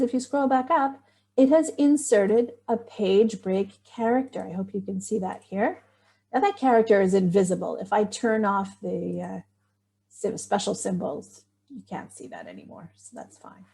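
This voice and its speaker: A middle-aged woman who teaches writing workshops leads a screen-share tutorial in a medium-pitched, creaky, mellow voice, with a little hiss or hum in the background. She's chatty, thinks aloud as she works and lets out small surprised exclamations.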